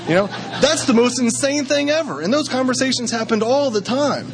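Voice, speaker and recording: A man's voice: very high-pitched, lively intonation, quick pace, few pauses. A man telling his recovery story at a meeting, rambling and conversational with lots of fillers. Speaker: speaker sharing at a recovery meeting.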